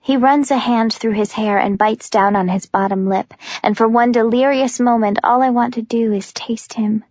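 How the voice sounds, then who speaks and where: A woman narrates a first-person audiobook in an urgent, close telling. Her voice sits fairly high, and the recording is dry and a little dull. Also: steady tone, normal speed, darkish tone, no room sound.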